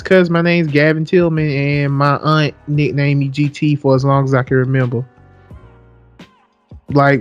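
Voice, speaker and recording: A young man co-hosting a podcast, chatting casually with a lot of rambling and "so yeah" repeats, swearing freely. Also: medium pitch. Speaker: podcast co-host. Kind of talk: casual chat.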